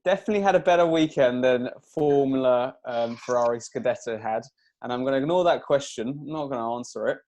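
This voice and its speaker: A man's voice: mid-range voice, brisk, darkish tone. A young man, co-hosting a casual podcast, telling a story and chuckling along the way. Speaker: podcast co-host. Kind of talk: casual chat.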